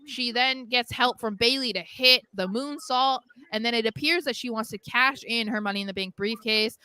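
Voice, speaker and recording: A woman's voice: a little high, normal speed, sharp tone, clear, resonant tone. A young woman co-hosting a podcast, chatting casually about wrestling, full of fillers and acting out what people said. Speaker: podcast co-host. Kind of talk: casual wrestling recap chat.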